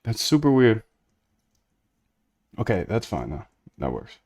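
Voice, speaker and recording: A man streams himself coding, chatting loosely and thinking aloud as he works. His lowish, darkish voice swings hugely in pitch, and he doesn't hurry. It's a casual live-coding session.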